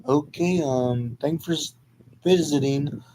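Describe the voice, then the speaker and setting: A man's voice: fairly high pitch, slow, mellow, a little hiss or hum, rough recording. A man voicing an awkward, overly friendly male diner worker who hesitates and stumbles over his words. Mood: flustered.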